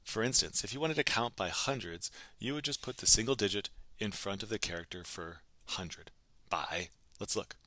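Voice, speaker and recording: A man's voice: lowish voice, brisk, few pauses, pushed and bright, no room sound. A man teaching a recorded language lesson, patiently prompting each number and then giving the answer himself.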